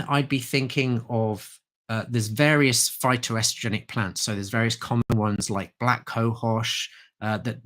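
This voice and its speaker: A man's voice: mid-range voice, a bit bright. A man, an herbalist, explaining herbal remedies in a chatty, informal livestream talk.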